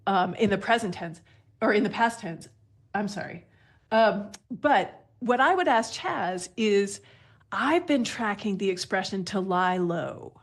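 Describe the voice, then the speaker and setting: Woman, mid pitch, radio guest expert, explanatory, light laughs. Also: animated, measured pace.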